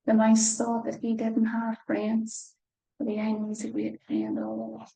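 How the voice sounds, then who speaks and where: A woman reads a children's story at a slow, careful pace, in a gentle voice with hushed asides. Her tone is mellow and fairly level, and the room gives a noticeable echo. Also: fairly high pitch, completely flat delivery, gravelly. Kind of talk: reading a picture book aloud.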